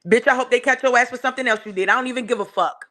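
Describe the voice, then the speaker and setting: A fiery woman with a D.C. tears into someone on her live stream. Her voice sits a bit high and flies higher when she yells. The talk is profane and cutting, with sudden shouts. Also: very fast. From Washington, D.C. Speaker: channel host ranting on a live stream. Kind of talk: heated live-stream rant.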